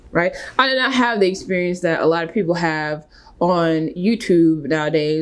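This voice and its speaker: A woman talks casually to camera about her own life. Her delivery is animated, leaping up in pitch for emphasis. She keeps checking in with her listeners as she goes. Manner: animated, with sudden pitch jumps and frequent "right?" and "okay?". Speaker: spiritual vlogger. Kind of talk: casual personal storytelling.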